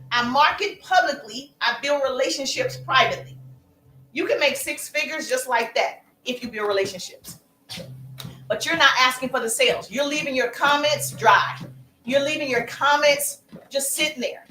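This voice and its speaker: A woman business coach talking on a live stream, energetic and calling out her viewers by name. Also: sits high, roomy sound, a little hiss or hum, rough recording.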